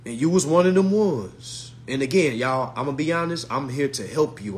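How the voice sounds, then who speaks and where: A man's voice: medium pitch, lively intonation, normal speed, hardly any pauses. A man in a profane, mocking monologue to his followers, using blunt slang and repeating his retorts. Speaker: social media commentator.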